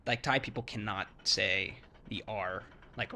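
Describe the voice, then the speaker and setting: A lowish, bright, forceful male voice comes through with a little hiss or hum, at normal speed and hardly pausing. He is an English-speaking foreigner casually rambling about Thai sounds, heavy on "like"s and restarts, demonstrating words by acting them out.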